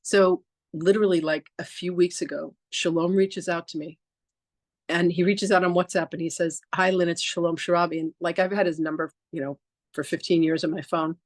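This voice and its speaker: A woman's darkish voice, on the low side with fairly even intonation, moves at a moderate pace with no room sound. She is a podcast host and reverend sharing a personal story in casual chat, acting out dialogue. Her talk is chatty, peppered with "like" and restarts.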